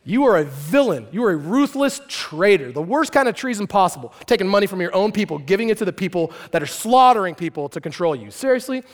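Man, pastor preaching, high-pitched, animated and conversational, long hall echo. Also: quick pace, hardly any pauses. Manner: animated, conversational, acts out characters with shouts and asides. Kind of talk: sermon.

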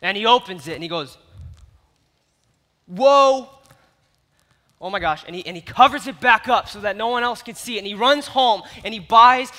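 A man preaching a sermon, telling a parable with lively, animated storytelling that swings between loud and quiet. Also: high voice, fast, hardly any pauses. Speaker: youth pastor. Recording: long reverb of a large hall.

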